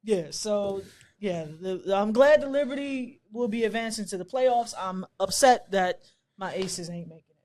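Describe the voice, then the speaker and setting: A man's voice: high-pitched, moderate pace, a little mellow. A man with a Bermudian accent co-hosting a podcast in laid-back, casual chat, swearing freely. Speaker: podcast co-host.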